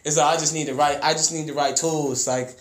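A young man telling a story in casual, slangy chat. He acts out the people in his story by jumping into a much higher, louder voice. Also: steady tone, a little fast, reverberant, crowd noise. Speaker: podcast guest telling a story.

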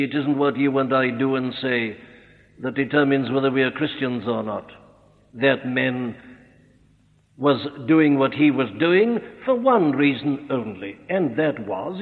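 A man with a fairly high voice preaches an expository sermon, earnest and emphatic, slowing down to stress his points. The audio is tinny and narrow-band, with the echo of a hall.

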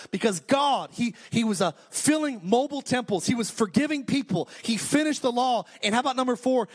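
A man preaching a sermon in a notably high voice. He drives his points home emphatically, circling back and restarting phrases as he builds. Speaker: pastor.

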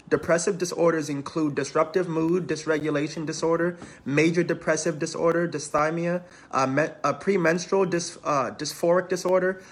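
A man preaching, reading scripture aloud and talking to the congregation in a conversational way. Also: a little high. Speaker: preacher and counselor in training.

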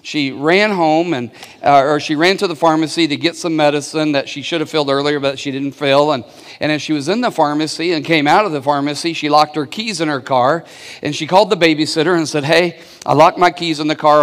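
A man preaching a sermon as pastor, telling a story and calling on the congregation to answer back, often restarting his words. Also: on the high side. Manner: storytelling with call-and-response to the congregation; many restarts and repeated words. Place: church hall. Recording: long reverb of a large hall.

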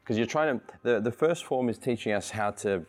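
A man's voice: mid-range voice, a little fast, faint music behind. A man teaching a martial arts class, patiently coaching technique and repeating cues in rhythm.

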